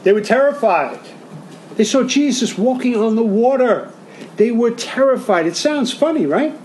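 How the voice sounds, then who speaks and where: A man with a high voice preaches a sermon to his congregation. He talks conversationally and keeps asking them questions. A faint noise sits behind him. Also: expressive, moderate pace, a little mellow, rough recording. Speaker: pastor.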